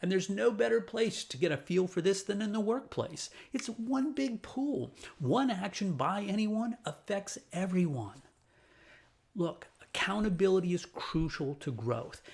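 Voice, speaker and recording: Lively, animated male storyteller. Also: high-pitched, normal speed, vocal fry. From New Orleans, USA. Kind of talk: told personal story with a lesson.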